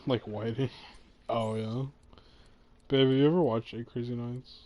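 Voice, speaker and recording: A young man chatting casually with his partner at a middle pitch. He is laid-back and jokey, swears often, and shrugs off teasing. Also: fairly even intonation, unhurried, lo-fi sound, a little hiss or hum. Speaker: boyfriend chatting on camera. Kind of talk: casual chat.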